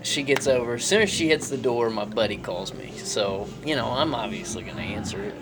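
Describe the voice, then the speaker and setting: A man's voice: medium pitch, expressive, brisk, noisy background. A young man co-hosting a casual podcast, telling a crude story with bursts of laughter. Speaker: podcast co-host.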